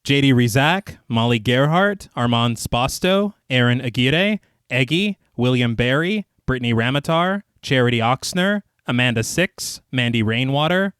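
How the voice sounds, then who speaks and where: Man with a clear voice reading names. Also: mid-range voice, animated, moderate pace, a bit bright, no echo, studio quality. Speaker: podcast co-host. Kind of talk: reading a patron thank-you list.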